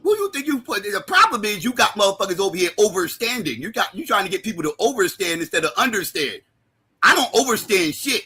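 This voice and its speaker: Male streamer, high lively raspy voice, angry mocking roast. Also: fast talker. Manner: heated, mocking, often shouting. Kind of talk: profane roast rant.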